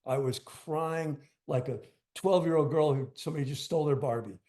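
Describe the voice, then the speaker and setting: A man's voice: a little high, normal speed, mellow. An older man, a guest musician, telling stories in a rambling, emphatic way, full of fillers. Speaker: guest drummer. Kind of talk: casual interview storytelling.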